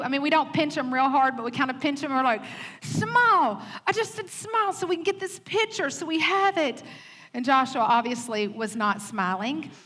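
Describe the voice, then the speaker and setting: A woman's voice: high voice, a bit bright. A woman in her thirties with a Southern US accent, preaching a Mother's Day sermon with candid, humorous stories from her own life. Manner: candid and humorous, acts out quotes. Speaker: pastor's wife speaking at church.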